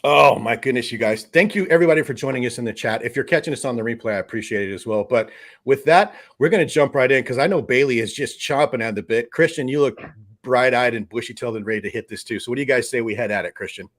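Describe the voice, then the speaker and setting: A man hosting a live fan stream, reading out chat comments and reacting with excited outbursts. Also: medium pitch, fast talker. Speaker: host of a live fan show.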